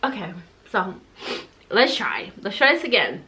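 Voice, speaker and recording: A woman's voice: medium pitch, very animated, measured pace, pushed and bright. A young woman vlogger telling a personal story time in a casual, emotional way, with lots of "like". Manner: casual, heavy use of "like", emotional and tearful in places.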